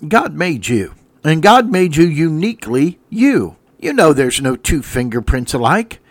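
A man's voice: medium pitch, a bit bright. A man preaching a folksy radio sermon, reading scripture in old wording and building emphasis with rhetorical questions. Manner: reads scripture in King James wording.

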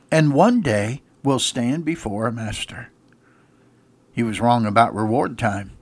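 Male pastor preaching on the radio, punchy repeated questions, mid-pitched voice, dry close sound. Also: lively intonation, measured pace, no room sound. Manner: emphatic, repeated call-and-response questions. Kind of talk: radio sermon. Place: church radio broadcast.

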